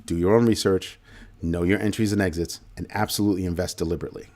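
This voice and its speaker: A man with a somewhat low voice hosts a livestream commentary. He talks emphatically, hammering his points by repeating key phrases. He breaks off now and then to answer viewer comments. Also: fairly even intonation, fast, darkish tone. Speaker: show host.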